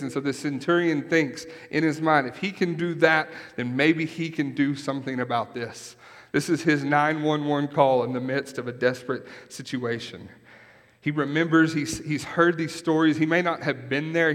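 A pastor with a mid-range, fairly bright voice preaches a conversational sermon, with a long reverb tail on the sound. He checks in with listeners often, repeatedly asking "right?"

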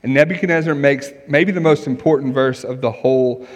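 A man's voice: medium pitch, fairly quick. A male pastor preaching a sermon in an earnest, emphatic way, asking rhetorical questions. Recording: long reverb of a large hall.

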